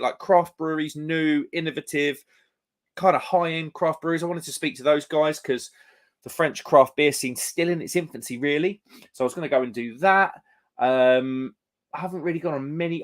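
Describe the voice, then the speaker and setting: A man's voice: a little high, fairly quick. A young man from England hosting a live stream, chatting casually and reading out comments, with a rambling manner full of "mate" and "um".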